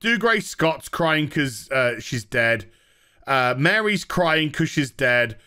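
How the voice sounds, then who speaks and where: A man tears into a TV episode with exasperated sarcasm. His voice is bright and fairly high, and he talks in a slow, drawn-out way. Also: big pitch swings, clean tone. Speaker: TV reviewer. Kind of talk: ranting TV review.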